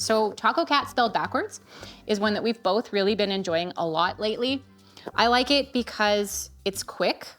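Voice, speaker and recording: Chatty mom reviewing kids' gifts. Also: female voice, medium pitch, a bit bright. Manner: chatty, earnest, candid. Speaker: parent vlogger recommending gifts. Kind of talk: casual review vlog. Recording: faint music behind.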